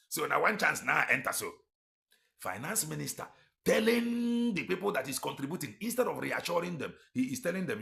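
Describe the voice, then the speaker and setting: A man's voice: on the high side, animated, brisk, creaky, fairly bright tone. A man with a Nigerian accent giving mocking, emphatic commentary, switching between Igbo and English and repeating phrases for effect. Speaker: commentator reacting to a played recording.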